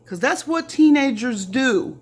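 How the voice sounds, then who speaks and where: A middle-aged woman from Lafayette, Indiana, rants angrily to the camera, swearing, repeating lines and mocking others in quoted voices. Her voice sits high with lively intonation, and she speaks a little slowly.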